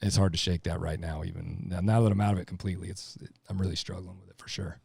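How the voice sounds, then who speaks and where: A man's voice: deep voice, little pitch movement, fast talker, creaky, a little mellow, breathy edge, no echo, clean studio sound. A middle-aged man talking casually on a podcast, blunt, profane and emphatic. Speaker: podcast guest, lineman.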